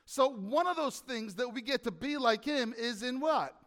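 A male pastor preaches in a church sanctuary, animated and drawing the congregation in with questions. His voice sits high. A long hall reverb trails every phrase. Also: moderate pace. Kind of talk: sermon.

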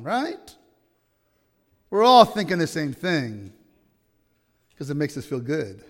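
A man's voice: fairly high pitch, sing-song, slow, pauses often. Emphatic male pastor in a reverberant hall. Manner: emphatic, asks the congregation questions. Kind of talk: sermon. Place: church.

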